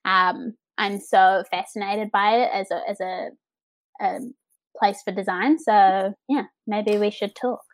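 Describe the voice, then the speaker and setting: A woman with a New Zealand accent, chatting as a podcast guest, easygoing and quick to laugh. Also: mid-range voice, fairly even intonation, no echo, rough recording. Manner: laughs often, easygoing and friendly. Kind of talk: casual chat.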